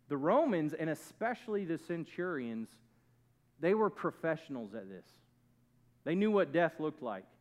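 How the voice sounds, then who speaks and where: A man preaching a sermon, building to loud emphatic peaks and then dropping low and quiet. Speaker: pastor.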